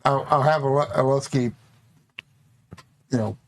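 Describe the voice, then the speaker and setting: Guy at a tabletop game, mid-pitch, asking straight questions. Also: steady tone, a little slow. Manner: asks the game master direct practical questions. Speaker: player. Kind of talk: tabletop role-play chat.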